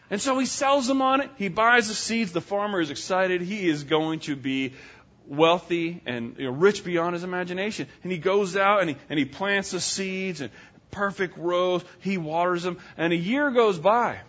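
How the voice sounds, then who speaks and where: High-voiced storytelling male preacher. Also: moderate pace. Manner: animated, folksy, acts out characters. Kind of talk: sermon storytelling. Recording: dull lo-fi sound.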